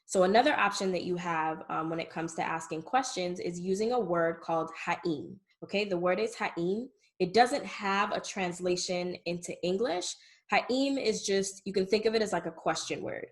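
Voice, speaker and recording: A woman's voice: lowish voice, normal speed. A woman teaching a beginner language lesson, explaining patiently and often checking in with "okay?". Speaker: Hebrew teacher.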